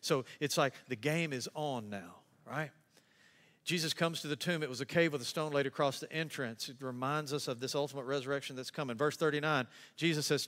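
Male pastor, animated sermon delivery, higher than average voice, long hall reverb. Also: fairly quick. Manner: animated preaching, acts out quotes in a higher voice.

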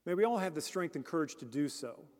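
A man's voice: a little high, animated, fast, darkish tone. A man preaching a sermon as a deacon, earnest and speaking directly to the congregation with questions. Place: church. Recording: long church reverb.

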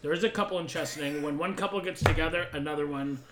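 A man's voice: on the high side, fast talker, echoey room, noisy background. A young man co-hosting a podcast, telling crude, laughing anecdotes in casual chat and acting out the people in them. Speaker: podcast co-host.

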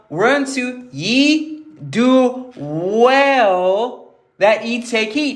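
Male preacher, high-pitched, conversational verse-by-verse teaching, roomy echo. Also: fairly bright tone. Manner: conversational, repeats words, reads scripture aloud and explains it. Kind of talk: informal Bible teaching.

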